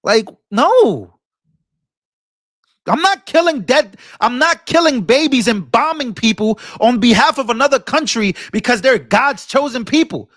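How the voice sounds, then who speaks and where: A man's voice: very high voice, lively intonation, unhurried, fairly bright tone, dry recording, clean studio sound. A man hosting a political commentary vlog, talking in an impassioned, casual way, restarting and repeating words and breaking into sermon-like rebukes. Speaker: political commentator and channel host.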